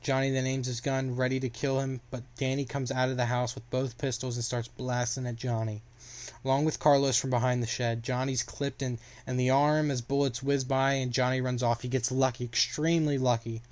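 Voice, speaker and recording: A young man walks through a story in a loose, casual recap. His delivery is flat and even, and he trips over his words and circles back as he goes. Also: medium pitch, brisk. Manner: rambling, filler-heavy retelling with restarts.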